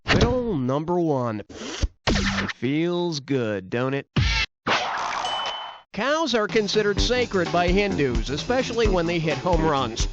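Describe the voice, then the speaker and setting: Wisecracking male quiz host, lively delivery, lo-fi game audio over loud music. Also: a little high. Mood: snarky. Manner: snarky, rapid-fire jokes, taunting players. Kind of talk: video game voice acting.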